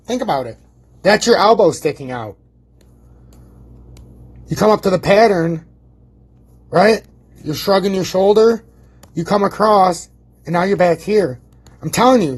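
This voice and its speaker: A man streaming casual market commentary, brash and boastful, swearing freely and rambling, with a husky voice. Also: a little high, a little mellow. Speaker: crypto chart streamer.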